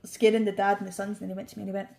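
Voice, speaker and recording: A young Scottish woman telling a lively, laughing story to her mother in casual chat. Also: mid-range voice, racing, gravelly. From Scotland. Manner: animated, laughing, acts out quotes.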